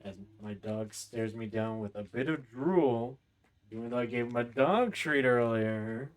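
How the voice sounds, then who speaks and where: A man's voice: medium pitch, measured pace. A man streaming a game from home, chatting casually and rambling between bites of food. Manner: rambling, chatty, talking while eating. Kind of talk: casual live-stream chat.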